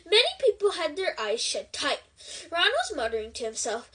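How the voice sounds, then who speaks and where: A woman reads a novel aloud in an expressive storytelling way. Her voice is high and very lively, climbing and dipping from phrase to phrase. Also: normal speed, poor audio. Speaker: book reader.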